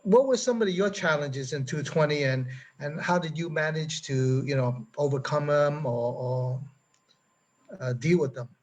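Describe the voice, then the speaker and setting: A man co-hosting a casual live interview, speaking in a relaxed, conversational way. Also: fairly high pitch, unhurried, rough recording. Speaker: co-host.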